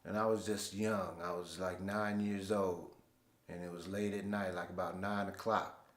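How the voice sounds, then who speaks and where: A man's voice: low-pitched, flat delivery, normal speed, roomy sound. A man hosting his own show, telling stories in a laid-back, slangy way. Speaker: host. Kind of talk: casual storytelling monologue.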